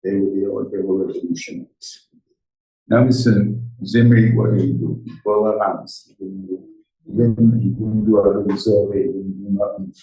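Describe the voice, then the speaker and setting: A man's voice: lowish voice, unhurried, distant mic, faint music behind. An older man giving an informal Torah class, telling stories and acting out the dialogue. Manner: animated storytelling, acts out dialogue. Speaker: rabbi teaching a Torah class. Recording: roomy, from off the mic.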